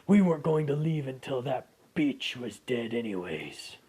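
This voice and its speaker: A man's voice: medium pitch, big pitch swings, moderate pace, mellow, breathy edge. A man voicing a defiant young male warrior prince who taunts a king coldly. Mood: taunting. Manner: cold, taunting.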